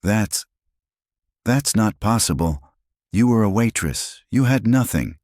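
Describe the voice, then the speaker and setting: A man's voice: fairly low pitch, animated, slow, a little mellow, no echo, clean studio sound, voice pushed up. A man voicing a disgraced ex-husband who stammers and pleads. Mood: desperate.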